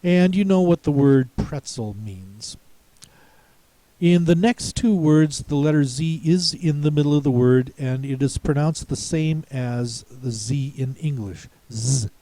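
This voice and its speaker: A man teaching a spelling lesson, speaking slowly and deliberately, pausing to repeat words and spell them out. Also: a little high, mellow, no echo. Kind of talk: slow explanatory lesson.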